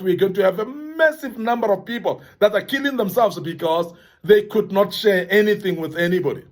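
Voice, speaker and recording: Man, high voice, earnest motivational speaker, emphatic and repetitive. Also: a little mellow. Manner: earnest, emphatic, repeats phrases for stress. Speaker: forum speaker addressing young men. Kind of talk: motivational talk.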